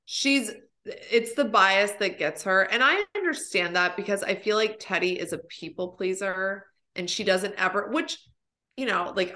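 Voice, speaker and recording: Woman, thirties, bright voice, chatty, profane, lots of "like". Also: medium pitch. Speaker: podcast host. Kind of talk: casual chat.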